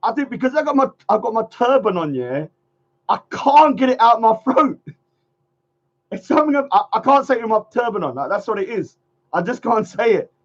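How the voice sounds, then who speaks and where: A man's voice: extremely high pitch, big pitch swings, a little fast. A man hosting a casual livestream chat, rambling, laughing often and trailing off mid-sentence. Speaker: livestream host. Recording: dull lo-fi stream audio.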